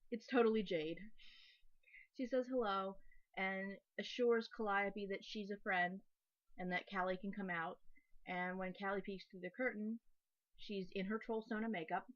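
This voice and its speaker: A woman's voice: medium pitch, dull audio. A young woman casually recapping comic updates in a chatty, enthusiastic way, with lots of fillers and restarts.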